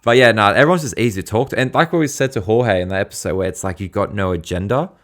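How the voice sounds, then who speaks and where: Australian male co-host, lower register, rambling slangy storyteller. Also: fast talker, a bit bright. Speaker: podcast co-host. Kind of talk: casual podcast chat.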